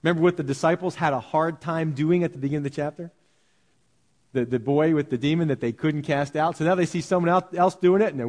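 Male pastor, casual animated sermon delivery, slightly high voice, long hall reverb. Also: fairly quick. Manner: conversational and animated, with restarts and jokes.

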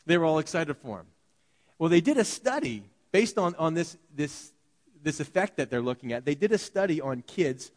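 In a long, reverberant hall, a pastor gives a sermon full of lively stories, voicing the people in them. His voice is a little high and his pace moderate.

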